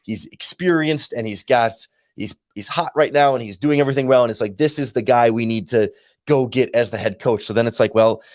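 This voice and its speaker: A male guest analyst on a casual sports talk show who thinks aloud, often restarting his sentences. His voice sits at an average pitch for a man. The recording is dry and close. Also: darkish tone, dry recording. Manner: halting, thoughtful, many restarts. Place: remote call.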